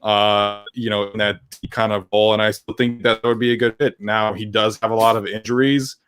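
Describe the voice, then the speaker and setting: A man co-hosting a live sports chat show, talking in a relaxed, rambling way with lots of fillers and restarts. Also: on the low side, normal speed, clear, resonant tone, dry recording, clean studio sound. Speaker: podcast co-host.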